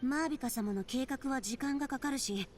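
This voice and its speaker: A woman's voice: sits high, very fast, faint music behind, lightly acted. An actress voicing an earnest, serious young woman in a video game, talking with urgency and worry. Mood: worried. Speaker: game character. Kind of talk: Japanese video game voice acting.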